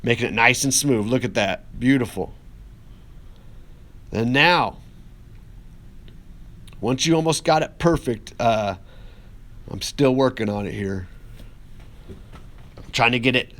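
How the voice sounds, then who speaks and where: Upbeat male art teacher, casual demo voice, encouraging, mid-pitched. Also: lively intonation, takes it slowly, long pauses, fairly bright tone. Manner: upbeat and encouraging, talks while working with hands. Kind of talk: casual classroom demonstration.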